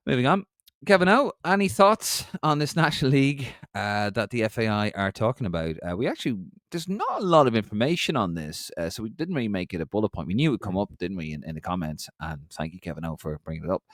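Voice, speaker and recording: A man's voice: a little fast, no room sound, studio quality. An Irish man co-hosting a casual football podcast, chatting and reading out listener comments. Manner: animated, jumps in pitch, reads out listener comments. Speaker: podcast co-host.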